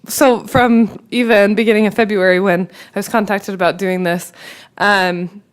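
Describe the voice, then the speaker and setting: A woman speaking as a parent on a conference panel, emotional and near tears, telling her story haltingly with many pauses and restarts. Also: mid-range voice, steady tone, smooth. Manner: halting, many fillers and restarts, self-deprecating.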